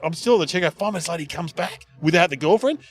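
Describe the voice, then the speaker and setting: A middle-aged man hosting a casual comedy chat, telling stories and jumping into voices for the people he quotes. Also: very fast. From Australia. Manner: animated storyteller, jumps into high-pitched voices for quoted people. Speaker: podcast host.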